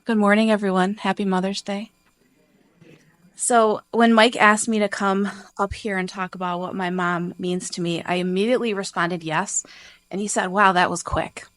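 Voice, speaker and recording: At the front of a church sanctuary, an adult woman from the congregation reads a prepared personal tribute, earnest, emotional and tearful at times. Her mid-range voice keeps fairly even intonation at a normal speed, recorded dry.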